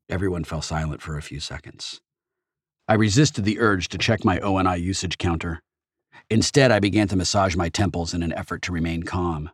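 Brief: low, animated male reader, dry close studio sound. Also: brisk, husky, no room sound. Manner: expressive storytelling. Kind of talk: audiobook narration.

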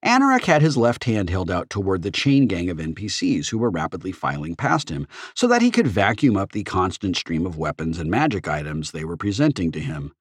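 Brief: low, animated male reader, dry close studio sound. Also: fairly quick, hardly any pauses, breathy edge, dry recording. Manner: expressive storytelling. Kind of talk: audiobook narration.

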